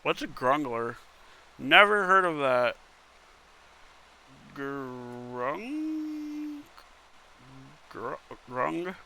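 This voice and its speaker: A man's voice: a little high, expressive, a little slow, creaky, pushed and bright, a little hiss or hum. A man reading internet posts aloud in casual commentary, wry and muttering, with casual swearing. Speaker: content creator reading posts.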